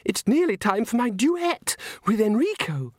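A haughty young opera diva, put on by a male storyteller, pitched high and bending her lines up and down with airs. She talks with a prim, hissing edge, and the voice sits close and dry. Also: sing-song, a little slow, a little mellow, no echo. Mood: indignant.

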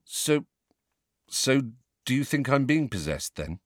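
A man's voice: mid-range voice, big pitch swings, takes it slowly, dry recording, clean studio sound, pitched above the performer's own voice. A man voicing a sullen, touchy teenage boy who answers stiffly and defensively.

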